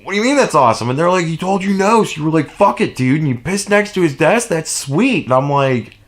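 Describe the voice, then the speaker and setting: In a relaxed vlog, a man of about thirty-eight tells a crude, wandering story at a brisk clip with lively intonation. Frequent laughter breaks in as his volume jumps from low mutters to loud outbursts.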